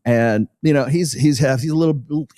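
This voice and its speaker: A man's voice: medium pitch, moderate pace, warm tone, dry recording. A man hosting a podcast in casual chat, blunt and profane, often tagging his points with "right?". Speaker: podcast host.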